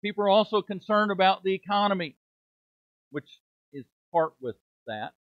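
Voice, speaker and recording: High-voiced emphatic middle-aged preacher. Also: male voice, animated, moderate pace, dry recording, muffled recording. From United States. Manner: emphatic preaching with rhetorical questions and dramatic drops in volume. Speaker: preaching minister. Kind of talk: sermon. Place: church sanctuary.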